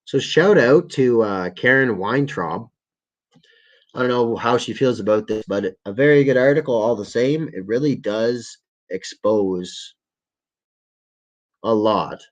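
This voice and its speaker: A man's voice: medium pitch, lively intonation, a little slow, low-quality recording. A man hosting a casual livestream, reading articles and viewer comments aloud, stumbling over words, correcting himself and swearing often, sounding a little tired. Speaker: livestream host.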